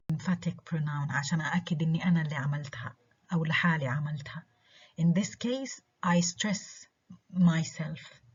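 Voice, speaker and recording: A woman lecturing on English stress with a Levantine Arabic accent, a native Arabic speaker who explains slowly through repeated examples and keeps checking that students follow. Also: lowish voice, a little mellow, slightly rough. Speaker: university lecturer. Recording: dull lo-fi lecture recording.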